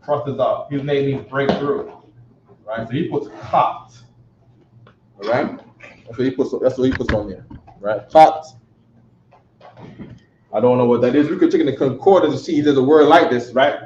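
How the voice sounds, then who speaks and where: Speaking at a moderate pace with frequent pauses, a man with a New York accent gives a classroom lecture in a mid-range, slightly mellow voice. He's loose and repetitive, regularly checking with "right?" The dull, lo-fi audio carries room echo plus a little hiss or hum.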